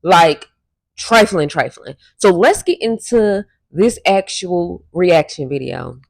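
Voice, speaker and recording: A woman's voice: lowish voice, animated, takes it slowly, no echo. A woman hosting her own channel, chatty and full of slang as she retells a story with blunt, profane asides. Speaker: YouTube channel host. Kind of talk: storytime reaction commentary.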